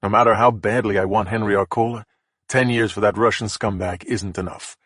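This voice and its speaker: Brief: male first-person thriller narrator, husky, matter-of-fact, dry studio read. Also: on the low side, steady tone, a little fast, fairly bright tone, no echo.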